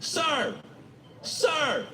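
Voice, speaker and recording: A woman's voice: high-pitched, expressive, drawn-out words, background noise, voice pushed up, full character voice. A male comedian voicing a pushy woman passenger who keeps repeating herself to get a seat swap. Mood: insistent. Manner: insistent, repeating "sir" over and over. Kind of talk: stand-up comedy.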